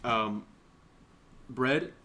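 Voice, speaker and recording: A young man co-hosting a casual podcast, rambling and joking as he tells animated stories. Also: mid-range voice, very slow. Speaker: podcast co-host. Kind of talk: casual chat. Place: small room.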